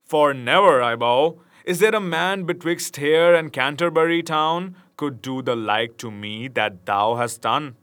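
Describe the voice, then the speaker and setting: A man's voice: a little high, a little slow, hardly any pauses, no echo. A man voicing a jolly, bold male outlaw leader, speaking in hearty, old-fashioned phrases. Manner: hearty archaic speech, raised and loud.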